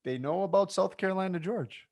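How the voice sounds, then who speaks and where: A man co-hosting a sports podcast, joking and bantering with his co-host in animated, quick exchanges. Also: high voice, vocal fry.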